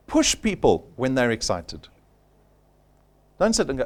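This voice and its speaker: Emphatic man, lively pitch. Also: normal speed. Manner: emphatic, punchy, repeats key points. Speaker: sales trainer. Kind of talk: live workshop presentation.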